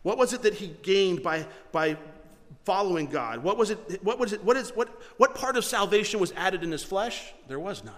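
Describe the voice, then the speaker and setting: A man preaching to his congregation, his fairly high voice carrying through a church hall with a long reverb. He teaches earnestly, posing rhetorical questions and circling back over his words. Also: animated, moderate pace, a bit bright. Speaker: pastor. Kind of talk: sermon.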